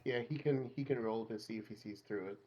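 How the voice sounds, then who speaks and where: A man playing a casual tabletop role-playing game speaks hesitantly, using lots of fillers. His voice is fairly low and he talks fast, with crowd noise in the background.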